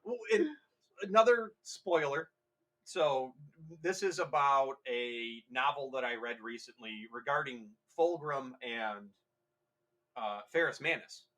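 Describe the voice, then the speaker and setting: A man's voice: mid-range voice, animated, slow pace, a bit bright. A man co-hosting a podcast, casually retelling a novel's plot in a rambling way and acting out characters' lines as he goes. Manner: rambling, acts out characters' lines mid-story. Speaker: podcast co-host.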